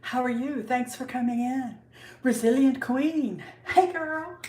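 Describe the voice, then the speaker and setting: A woman's voice: high voice, unhurried, darkish tone, reverberant, far from the mic. Older woman chatting on a livestream. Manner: chatty, greets viewers by name. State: out of breath. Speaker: livestream host. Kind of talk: casual livestream chat. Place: kitchen at home.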